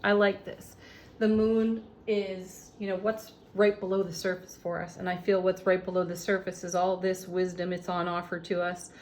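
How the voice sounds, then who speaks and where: A woman reads tarot cards in a gentle, soft-spoken, casual way, with light laughs here and there. She talks from home, and faint outdoor noise sits behind her voice. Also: lowish voice, low-quality recording. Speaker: tarot reader. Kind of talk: casual spiritual tarot reading. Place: home, with landscaping crew outside.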